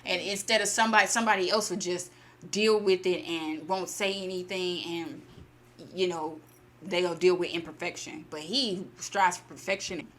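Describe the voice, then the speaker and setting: A woman's voice: on the low side, fairly even intonation, moderate pace, fairly bright tone. A woman casually retelling a short story in her own words, chatty and full of fillers, acting out the lines of the characters. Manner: chatty, many fillers and quoted asides. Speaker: story channel host.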